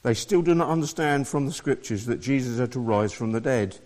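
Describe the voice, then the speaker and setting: A man's voice: mid-range voice, lively intonation, a little fast, darkish tone. A man preaching a sermon, reading scripture aloud and explaining it to his listeners.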